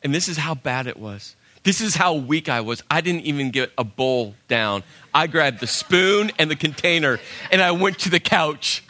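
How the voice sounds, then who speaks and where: At a moderate pace and in a high-pitched voice, a man preaches as pastor, sharing a personal story with animation and voicing his own inner dialogue.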